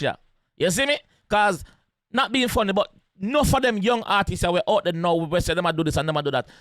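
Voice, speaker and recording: A man's voice: sits high, a bit bright, dry recording. A man with a Jamaican accent giving casual, emphatic commentary on a song as host of a reaction video, repeating his points in patois slang.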